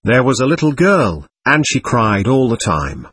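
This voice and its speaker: A man reading aloud as an indignant, bewildered ghost who denies being dead, in a husky voice. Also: mid-range voice, sing-song, unhurried, a bit bright, no room sound, heavily acted. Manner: defiant, suspicious and bewildered. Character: indignant confused ghost of a dead adult, hostile.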